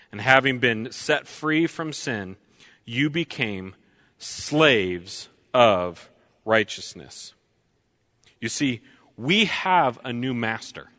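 Slow bright-voiced male preacher. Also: medium pitch. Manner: slow and deliberate, repeats key lines for emphasis. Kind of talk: sermon.

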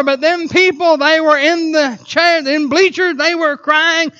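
A man preaching a sermon in a church, telling animated stories broken up by sudden whoops. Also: very high voice, measured pace, muffled recording. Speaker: pastor. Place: church sanctuary.

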